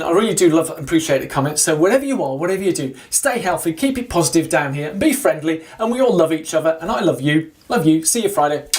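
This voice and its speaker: A man's voice: a little high, animated, quick pace, hardly any pauses. A man recording a casual running vlog, talking to his viewers in a rambling way with lots of fillers and restarts. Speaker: running vlogger. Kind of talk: casual video diary talk to viewers.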